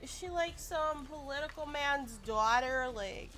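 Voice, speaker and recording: A young woman streamer with a bright, forceful voice pitched a little high. She chats playfully in cutesy baby-talk slang while faint music plays underneath. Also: unhurried. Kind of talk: casual game-stream chat.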